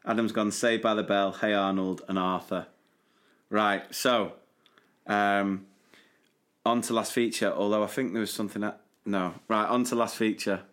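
A man's voice: on the low side, fairly even intonation, normal speed, a bit bright. Man reading teacher stories aloud. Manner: reads stories aloud with playful emphasis. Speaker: podcast co-host. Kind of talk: casual chat, reading listener stories.

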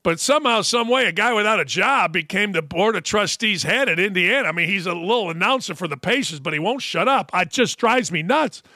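A man's voice: sits high, brisk, hardly any pauses, no room sound. A man hosting a sports talk show, delivering a brash, mocking monologue of opinionated commentary from a studio. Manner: brash, mocking, animated rants.

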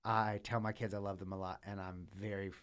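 A man's voice: deep voice, little pitch movement, a little fast, fairly bright tone, smooth. A man speaking as a podcast guest, earnest and reflective with a touch of dry humor. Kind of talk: casual chat.

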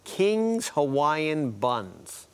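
Playful man with a lively voice. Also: fairly high pitch, very slow, clean tone. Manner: playful, teasing. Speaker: news show co-host presenting commercials. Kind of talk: casual studio banter.

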